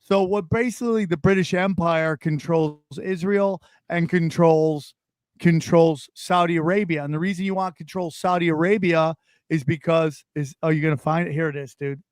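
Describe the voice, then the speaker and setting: A man with a fairly high voice rambles through a casual podcast chat, tossing in dude and bro as he goes. The mic is close and dry, with no room sound. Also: normal speed, clean tone, no room sound. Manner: rambling, animated, calls listener dude and bro. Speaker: podcast guest comedian.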